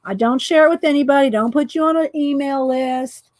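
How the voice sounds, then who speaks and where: A woman's voice: high-pitched, brisk, a little mellow. A woman running a live craft demonstration, chatting with viewers and giggling often as she goes. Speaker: art journaling instructor.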